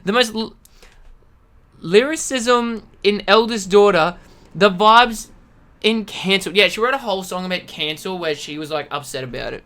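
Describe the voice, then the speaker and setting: A woman's voice: medium pitch, expressive, moderate pace, fairly bright tone. A woman streamer ranting aggressively with lots of swearing and exasperated outbursts. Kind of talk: profane ranting commentary.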